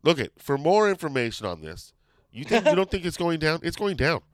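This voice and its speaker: A man hosting a podcast in casual chat, rambling and excitable, often losing his train of thought. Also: on the high side, fairly quick, no room sound. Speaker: podcast host.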